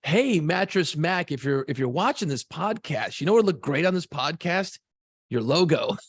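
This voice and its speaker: A man's voice: a little high, big pitch swings, moderate pace, slightly rough, no room sound. A man co-hosting a podcast in casual chat, telling stories animatedly and swearing freely. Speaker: podcast co-host.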